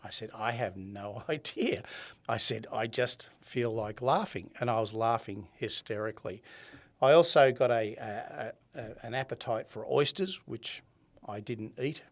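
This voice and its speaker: Older Australian man telling a lively story. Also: medium pitch, normal speed. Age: 70s. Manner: animated storyteller who acts out quoted dialogue and laughs often. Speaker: podcast guest, laughter yoga founder. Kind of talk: conversational storytelling.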